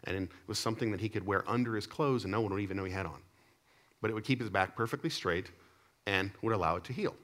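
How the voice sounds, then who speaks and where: A man preaching a sermon to his congregation. He tells stories animatedly, swinging between loud emphatic lines and low, quiet asides. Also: quick pace. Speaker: pastor. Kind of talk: sermon with storytelling.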